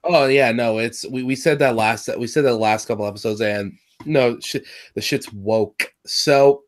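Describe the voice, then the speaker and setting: A man hosting a casual review chat, rambling and excitable, swearing often and restarting his sentences. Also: mid-range voice, unhurried. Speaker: podcast host reviewing cartoon episodes.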